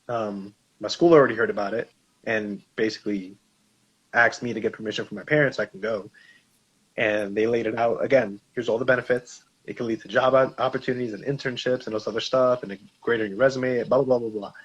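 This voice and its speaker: A man's voice: medium pitch, slightly rough. A man co-hosting a discussion show, telling a personal story in a casual way and acting out the dialogue. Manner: animated storyteller, acts out quoted dialogue. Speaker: podcast co-host. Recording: slightly dull, lo-fi sound.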